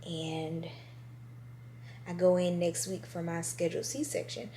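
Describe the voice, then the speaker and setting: Speaking slowly in a fairly low, level, dark voice, a vlogger in her twenties who is heavily pregnant talks casually to her audience from home. She addresses the camera directly, and its on-camera mic catches a little background noise.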